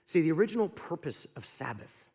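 A man's voice: a little high, a little fast, slightly rough, big-room sound. A middle-aged male pastor preaching a sermon, talking to the congregation in a conversational way and asking them questions. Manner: animated preaching with sudden drops to quiet.

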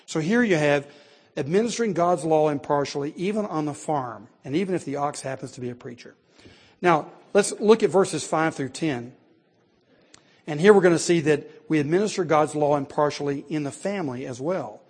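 Man, preacher, sermon, somewhat high voice, breathy, conversational, wry asides, rhetorical questions. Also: normal speed, a little mellow. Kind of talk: expository sermon.

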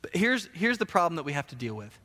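A man's voice: a little high, fast talker. A male pastor delivering a conversational sermon, acting out the people he quotes. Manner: animated, conversational, acts out quoted voices. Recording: echoey hall with long reverb.

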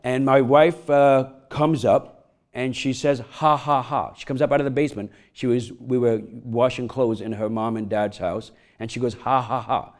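A middle-aged man preaching a sermon, telling a funny personal story, laughing often and getting loud as he acts it out. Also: mid-range voice, fairly even intonation, normal speed. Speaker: pastor.

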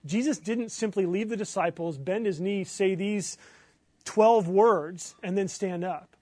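A man preaching a sermon as pastor, earnest, building to emphatic bursts and then dropping low. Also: a little slow, a little mellow, no echo.

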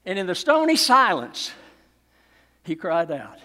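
A pastor preaches from the pulpit, his voice sitting fairly high for a man. He builds his points with dramatic pauses and emphatic lines. The sound carries a long reverb from a large hall. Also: big pitch swings, bright, forceful tone. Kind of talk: sermon.

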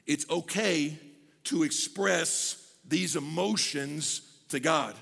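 High, gravelly preaching man in a hall. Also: slow pace. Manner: energetic, conversational preaching with acted-out prayers. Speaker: pastor. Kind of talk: sermon. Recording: long reverb of a hall.

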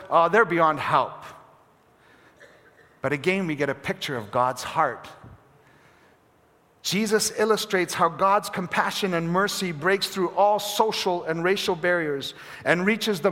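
A man preaching a sermon as pastor, swinging between hushed, near-whispered phrases and emphatic calls. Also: high-pitched, long reverb tail.

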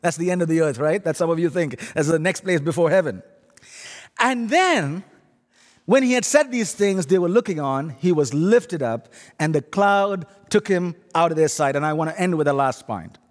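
A middle-aged man from India with an Indian accent, preaching a humorous, animated sermon that teases the audience. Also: on the high side, moderate pace, in a large hall. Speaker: guest preacher.

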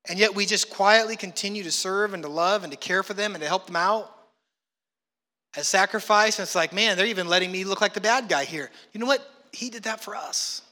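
A man preaching a sermon, telling stories in a lively way and acting out the voices of the people in them. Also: sits high, big-room sound. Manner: animated storytelling, acts out quotes. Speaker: pastor.

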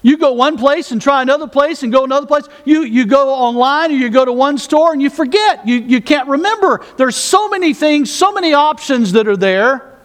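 A man preaching a sermon with a high voice. He talks to the congregation in a conversational way, stumbles over repeated words and adds self-mocking asides. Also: fairly quick, a bit bright. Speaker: pastor.

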